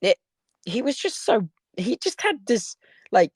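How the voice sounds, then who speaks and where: A man's voice: very high-pitched, very animated, a little slow, slightly rough, no room sound, studio quality. A young English man, tired after little sleep, chatting casually as host of a live audio stream. He rambles through a story, laughing and restarting his sentences, and speaks from his bed. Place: sitting in bed at home.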